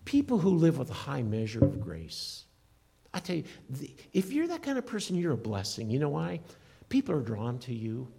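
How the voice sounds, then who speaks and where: A middle-aged pastor preaching with earnest emphasis. His voice is gravelly and a little husky, with a lively rise and fall. The tone stays warm and encouraging, like a sermon addressed to a congregation. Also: mid-range voice, normal speed. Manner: earnest, emphatic preaching with rising and falling delivery.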